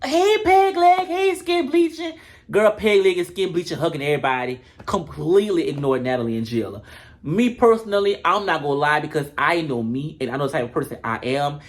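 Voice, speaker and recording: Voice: mid-range voice, lively intonation, quick pace. A comedic commentator recapping a reality show in a brash, profane, gossipy way.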